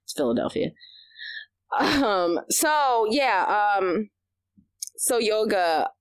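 A woman telling a story in casual podcast chat, animated and profane, laughing often and acting out what people said. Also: mid-range voice, extremely slow, clear, resonant tone.

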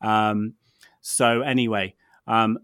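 A man's voice: fairly low pitch, flat delivery, slow pace, fairly bright tone, smooth, no echo, studio quality. A man from near Birmingham in England, chatting casually on a podcast with a rambling, self-deprecating manner and lots of fillers. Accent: English, lived in London. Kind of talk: casual chat.

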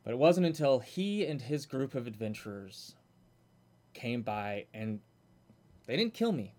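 A man's voice: mid-range voice, big pitch swings, a little slow, a little mellow. A man voicing an earnest male warforged automaton guard who tells his story plainly.

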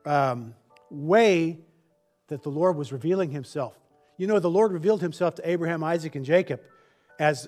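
A man's voice: a little high, darkish tone. A male preacher giving a conversational sermon, often restarting phrases and acting out quoted complaints. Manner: conversational, restarts phrases, acts out the people's whining in a raised voice.

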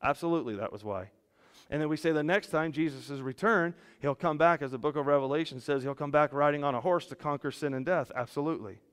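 Animated male pastor in echoing hall. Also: fairly high pitch, fast talker, clean tone. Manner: animated preaching, voice rising and falling. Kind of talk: sermon. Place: church hall. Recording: long hall reverb.

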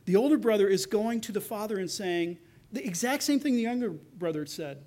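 In a sermon that feels delivered live to his church, a pastor with a notably high voice dramatizes quoted lines from the story with mounting intensity, then returns to explaining. His intonation is lively, his pace fairly quick, his tone dark.

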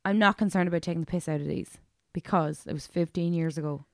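Podcast co-host, young woman, sweary animated storyteller, lowish voice, dry sound. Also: fast talker, no room sound. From Ireland. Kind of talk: casual chat.

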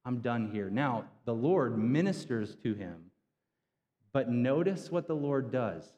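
A man's voice: mid-range voice, sing-song, takes it slowly, mellow. Casual preaching man in a reverberant hall. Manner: casual, retells scripture in everyday slang. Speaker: pastor. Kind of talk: conversational sermon storytelling. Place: church sanctuary.

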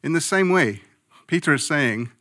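A man's voice: on the high side, animated, normal speed, a bit bright. A man preaching a sermon as a pastor, speaking emphatically and conversationally, often checking in with his listeners.

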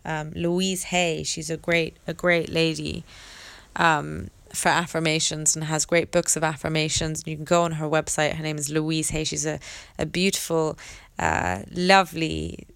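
A woman sharing a personal story in a candid monologue, reflective and halting, with many restarts and fillers. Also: low-pitched, level tone, gravelly, a bit bright, smooth. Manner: earnest and open, swears casually.

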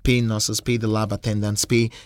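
A man's voice: lowish voice, little pitch movement, normal speed. A Nigerian man co-hosting a casual talk show, emphatic and repeating himself when heated. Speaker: podcast co-host. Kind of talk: casual chat.

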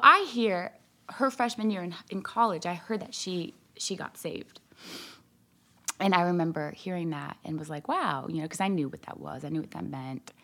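A young woman from Ohio sharing her personal faith testimony as a guest, animated, acting out what others said, with many fillers. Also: lowish voice. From Ohio, USA. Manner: animated retelling, voices others' quotes, frequent fillers.

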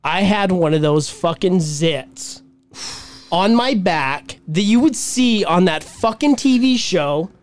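A man's voice: high voice, slow. A man co-hosting a podcast, telling crude stories in casual banter and swearing freely. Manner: animated storyteller, swears freely.

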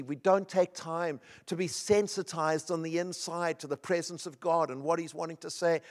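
A middle-aged man preaching a sermon, telling personal stories in an earnest, emphatic way. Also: high-pitched. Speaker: pastor.

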